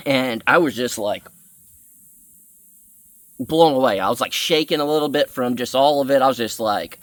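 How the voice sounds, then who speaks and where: An earnest young man tells a personal story on his vlog. He rambles and fills his speech with fillers, in a mid-pitched voice. The sound is dry and close. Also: moderate pace, long pauses, fairly bright tone, no echo. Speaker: vlogger.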